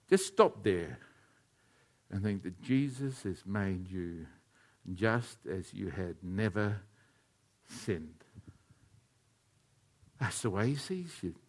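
A man preaching a sermon, telling stories and speaking to listeners by name. He drops to hushed, quiet passages and then rises to loud, shouted climaxes. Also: a little high. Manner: addresses listeners by name, tells anecdotes.

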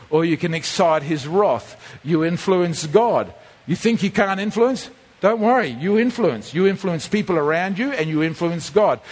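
A man preaching a sermon, animated, acting out voices as he tells the story. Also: high-pitched, long reverb tail. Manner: animated, acts out quoted voices like a whining child. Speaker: pastor.

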